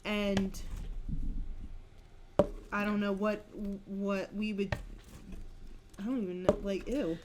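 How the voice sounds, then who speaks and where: A young woman co-hosting a podcast, chatting casually and telling lively family stories. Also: medium pitch, very noisy. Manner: animated storyteller, chatty and quick to laugh. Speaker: podcast co-host. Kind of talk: casual chat.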